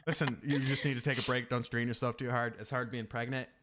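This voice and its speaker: A man's voice: mid-range voice, flat delivery, fast talker, noisy background. A man co-hosting a casual podcast, teasing and joking, laughing often. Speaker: podcast co-host.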